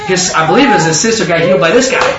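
A man preaching a sermon full of stories, animated and stumbling over repeated words. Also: sits high, rapid-fire, noisy background. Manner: animated, self-interrupting with repeated words and laughs. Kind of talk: sermon with storytelling. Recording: distant roomy mic, slightly dull.

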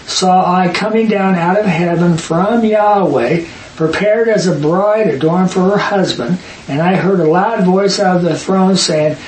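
A man leading a Bible study, reading verses aloud and arguing his points emphatically with quick asides. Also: high-pitched, a little mellow. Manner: emphatic, rapid asides, reads scripture aloud. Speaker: Bible teacher. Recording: echoey room, distant mic, faint hiss.

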